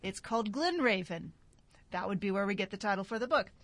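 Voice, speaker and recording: A woman's voice: mid-range voice, expressive, fairly quick, dry recording. A woman guest on a radio show, rambling through a book review in a casual way. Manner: chatty, rambling, self-deprecating.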